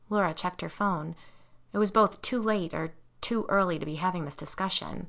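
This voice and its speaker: A woman narrates an audiobook in a measured, suspenseful way. Her voice is pitched low for a woman but sounds bright and forceful. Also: vocal fry.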